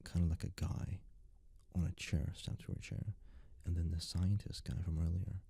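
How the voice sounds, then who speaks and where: Young guy doing soft-spoken asmr rambling, super dark husky voice, says like constantly. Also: deep voice, flat delivery, normal speed, no room sound. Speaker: ASMR creator.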